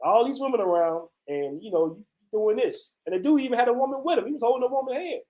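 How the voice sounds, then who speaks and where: A man's voice: very high voice, expressive, quick pace, a little mellow. A man from the United States who hosts a travel channel, telling viewers a story in a loose, slangy way, full of "man" and "bro", outdoors on a street. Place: outdoors on a city street at night.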